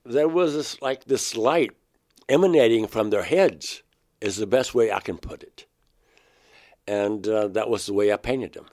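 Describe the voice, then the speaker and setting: An older man from Georgia speaks as an interview guest with a low voice. He tells his story earnestly and acts out remembered dialogue. His delivery breaks into sudden loud outbursts. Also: unhurried. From Georgia, USA. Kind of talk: recounting personal experiences in an interview.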